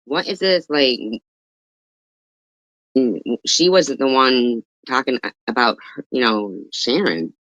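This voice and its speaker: A woman's voice: rumbling low, slow pace, pauses often, a bit bright, dry recording, lo-fi sound. A woman hosting a reaction commentary, making skeptical, dry remarks. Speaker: commentary channel host.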